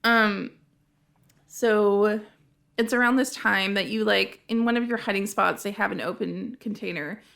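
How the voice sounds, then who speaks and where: A woman's voice: mid-range voice, measured pace, creaky, a bit bright. A woman hosting a casual podcast, animatedly recounting a video game's plot. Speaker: podcast host.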